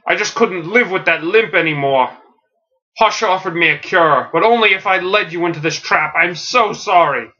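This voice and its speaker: A man voicing a tearful old butler, begging forgiveness through a broken apology. His voice is bright and a little high, and the recording is slightly dull. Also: normal speed. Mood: remorseful.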